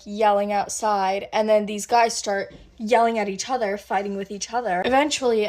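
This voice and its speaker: A woman vlogger telling a date story in a chatty, animated way, full of "like" fillers. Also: mid-range voice. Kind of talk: casual storytime chat.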